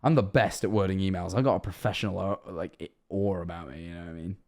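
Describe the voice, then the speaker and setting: A man's voice: deep voice, fairly even intonation, fast talker, a little mellow. A young man from England with an English accent, chatting casually on a livestream, rambling, joking and swearing. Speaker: streamer. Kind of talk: casual livestream reaction chat.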